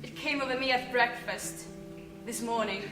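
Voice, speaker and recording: A woman acting a wistful mother of the bride on stage, halting and repeating herself. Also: on the high side, natural voice. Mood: tearful. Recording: echoey stage audio with music.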